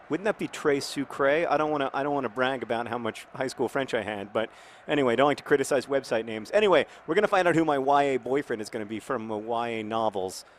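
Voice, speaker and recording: A man in his thirties hosting a game video in casual commentary, rambling and jokey, with sudden shouted outbursts. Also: mid-range voice, a little hiss or hum. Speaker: game host.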